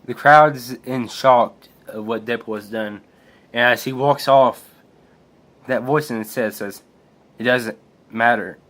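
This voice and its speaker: A man's voice: medium pitch, a little slow, a bit bright. A man casually retelling a comic book aloud, hesitant with restarts and fillers. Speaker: comic book reader and reviewer.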